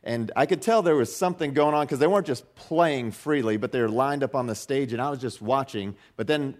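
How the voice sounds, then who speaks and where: A man's voice: medium pitch, a little fast. Conversational male pastor preaching. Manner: conversational, many restarts and fillers, rising emphasis on quotes. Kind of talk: sermon.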